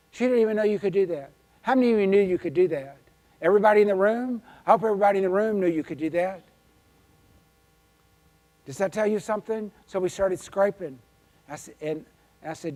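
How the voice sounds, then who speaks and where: A man with a drawl tells folksy stories from the stage at a conference keynote. His voice sits a little high, and he swings from loud, emphatic lines to quiet, confiding ones. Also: normal speed. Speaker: keynote speaker. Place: conference hall.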